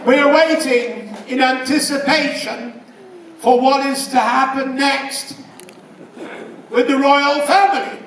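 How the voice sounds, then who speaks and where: This English stand-up comedian has a high male voice with a steady tone and a slow pace, yet he fires off one-liners in a loud, punchy way. He performs his routine in a casino show room before a live audience, recorded with a distant mic in a roomy hall full of crowd noise and laughter.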